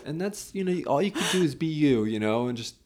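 A man's voice: a little high, very animated, a little fast, a little mellow. A man co-hosting a comedy podcast, laid-back and self-deprecating, rambling a little as he talks. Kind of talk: casual comedic chat.

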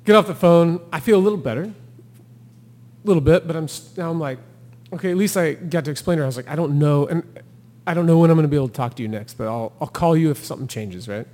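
Talking fast in a slightly high voice, a thru-hiker podcast guest shares his tale casually, performing quotes and laughing along. The audio carries a big-room sound.

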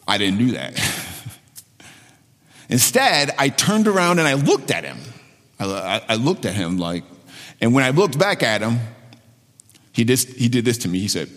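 This is a man in his forties delivering a sermon in a relaxed, conversational way. He shares a personal story openly and repeats key phrases to drive them home. His mid-range voice rings out with the long echo of a large hall. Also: mid-range voice, measured pace, long pauses. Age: 40s. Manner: candid personal storytelling, repeats himself for emphasis. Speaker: pastor.

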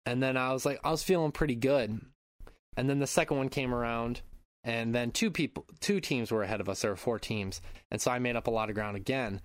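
A man in his thirties chats on a podcast, winding through a long anecdote with plenty of swearing and laughter. His voice sits at an ordinary middle pitch. It is recorded close and dry, with no room sound. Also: a little fast, dry recording. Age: 30s. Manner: rambling storyteller, swears, laughs often. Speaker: podcast co-host. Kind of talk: casual chat.

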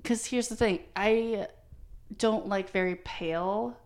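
A woman's voice: mid-range voice, takes it slowly, a little mellow. A woman co-hosting a casual chat, wry and teasing.

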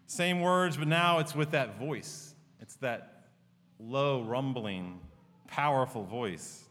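Guy preaching a sermon, earnest and chatty, bright forceful voice, long echo from a big church hall. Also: mid-range voice, animated, takes it slowly. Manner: earnest, conversational, with personal stories. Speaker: pastor. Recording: long reverb of a large hall.

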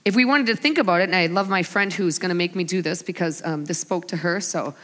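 A woman in her forties preaching a sermon to a live gathering, an animated storyteller who acts out her family's lines. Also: lowish voice, fast. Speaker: women's ministry speaker. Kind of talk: sermon with humorous stories. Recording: long hall reverb.

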